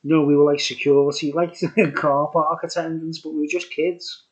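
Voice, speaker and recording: A man's voice: fairly high pitch, little pitch movement, moderate pace. A man in his sixties rambling through a childhood story for his viewers, with digressions and chuckling asides. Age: 60s. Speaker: vlogger. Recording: dull lo-fi recording.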